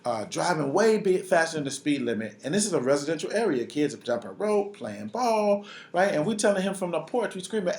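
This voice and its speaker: A man in his thirties from Chicago, a pastor telling a story in an animated sermon at a conference. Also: fairly high pitch, a little fast. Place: conference stage. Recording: roomy hall sound.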